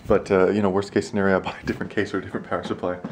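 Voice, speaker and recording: A man's voice: level tone, very fast, noisy background. A man talking casually and rambling in a vlog at home, joking as he goes. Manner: rambling and jokey, slipping into a high baby-talk voice for his dog. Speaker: vlogger.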